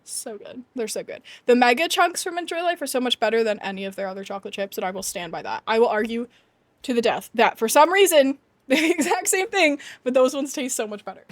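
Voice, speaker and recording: High-voiced chatty woman streamer. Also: fairly quick, no echo. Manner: chatty, animated, laughs often, emphatic rants. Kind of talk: casual chat to live chat.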